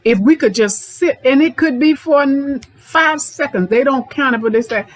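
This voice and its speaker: A woman's voice: sits high, normal speed, hardly any pauses, rough recording. Middle-aged woman therapist, folksy podcast monologue that drives points home by repeating them. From Memphis, Tennessee. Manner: folksy, repeats lines for emphasis.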